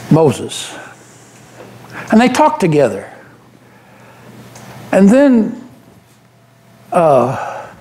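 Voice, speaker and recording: A church member's high-sitting voice carries this dramatic monologue as the apostle Peter, a devoted fisherman earnestly recounting memories in first person. He tells it animatedly and restarts often, with roomy church echo from the sanctuary around him.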